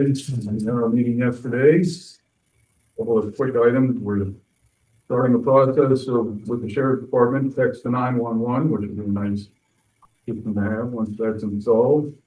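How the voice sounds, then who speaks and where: A man giving a brisk county report at a board meeting. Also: mid-range voice. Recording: distant echoey phone-like sound.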